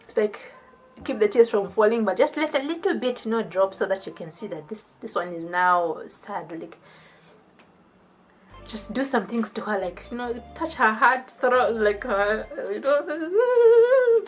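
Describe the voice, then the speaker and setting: A woman's voice: mid-range voice, normal speed, soft background music. Chatty young woman telling a story. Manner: animated, chatty, filler-heavy storytelling. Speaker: vlogger. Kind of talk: casual story time.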